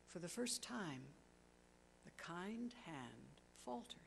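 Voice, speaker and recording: A woman narrating a classic story aloud with expressive, dramatic pacing that slows on key words. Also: on the low side, vocal fry, breathy edge.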